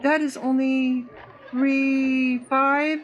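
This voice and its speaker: A humble female cat-folk innkeeper from a fantasy game, as a woman reading aloud puts her on. She speaks in a timid, apologetic way. Her voice sits a bit high. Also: level tone, extremely slow, muffled recording. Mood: polite.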